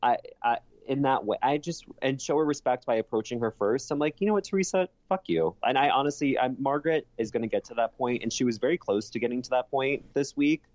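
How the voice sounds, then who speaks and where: A man's voice: mid-range voice, a little fast, few pauses, a little mellow, dry recording, highs cut off. A man co-hosting a podcast, chatting casually and emphatically, swearing freely and restarting often. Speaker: podcast co-host. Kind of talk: casual recap chat.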